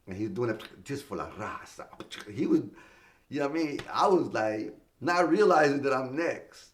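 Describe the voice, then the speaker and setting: Middle-aged man, comedian guest, animated storyteller, jumpy pitch, mid-range voice, salty language. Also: normal speed. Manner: animated, acts out quoted voices, swears freely. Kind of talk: casual storytelling in a podcast interview.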